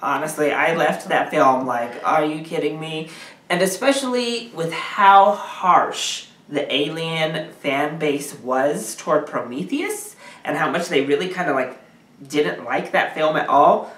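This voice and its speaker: A man's voice: on the high side, lively intonation, unhurried, a bit bright. A man who is a guest film reviewer, giving his views in a casual, emphatic way and laughing often. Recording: roomy, distant from the mic.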